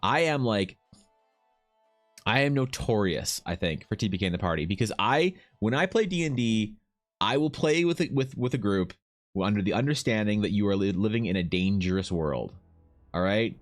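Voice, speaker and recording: A man's voice: on the low side, lively intonation, normal speed, faint music behind. A man streaming live as a fantasy artist, chatting casually with viewers in a rambling, profane, joking way, full of restarts. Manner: rambling, profane, jokey storytelling with many restarts. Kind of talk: casual livestream chat. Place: home streaming setup.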